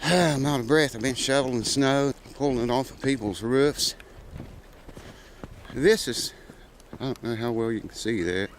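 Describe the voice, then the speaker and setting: A man's voice: medium pitch, measured pace, slight background noise, rough recording. A man making a guitar repair video, chatting casually in a rambling, folksy way with plenty of "uh" fillers. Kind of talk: casual vlog chat.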